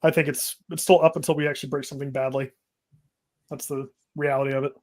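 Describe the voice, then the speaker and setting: A man's voice: mid-range voice, flat delivery, quick pace, darkish tone. A man giving casual, matter-of-fact market commentary as a co-host. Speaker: trading analyst co-host.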